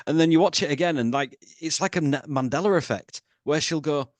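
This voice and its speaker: A man's voice: fairly high pitch, brisk, no room sound. A man co-hosting a film podcast in casual chat, rambling and swearing casually while acting out quotes. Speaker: podcast co-host.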